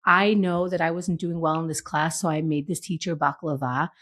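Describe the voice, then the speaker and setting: A woman co-hosting a TV rewatch podcast, chatting casually and telling animated stories, often slipping into quoted voices. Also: low-pitched, normal speed. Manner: animated, storytelling with acted quotes. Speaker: podcast co-host. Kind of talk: casual chat.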